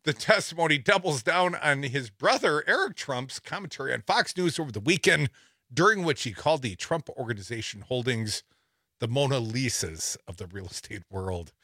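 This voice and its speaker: Wry, lively talk radio man. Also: medium pitch, moderate pace, no room sound, clean studio sound. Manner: wry, laughs while reading. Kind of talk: sarcastic news commentary. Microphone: studio microphone.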